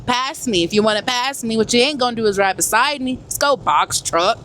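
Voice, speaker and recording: A woman truck driver chatting casually to her viewers from the cab while driving, animated and talkative. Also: on the high side, fast talker. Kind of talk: casual vlog chat to viewers. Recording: loud road and engine noise. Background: truck road noise.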